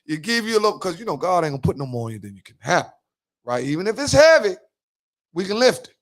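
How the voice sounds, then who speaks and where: A man's voice: sits high, sing-song, fast. Slangy DC man hosting a podcast. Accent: Washington DC. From Washington DC. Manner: slangy, emphatic storytelling with heavy street talk. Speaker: podcast host. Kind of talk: casual podcast talk.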